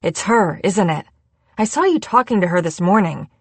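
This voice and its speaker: A woman's voice: medium pitch, moderate pace, breathy edge, no room sound. A woman voicing a giddy tipsy young chef. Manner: playful and animated.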